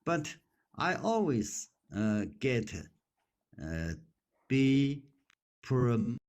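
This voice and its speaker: Slow, halting older man learning English. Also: medium pitch, big pitch swings, darkish tone, clear, resonant tone. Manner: halting, simple non-native English with many fillers. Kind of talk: casual conversation practice.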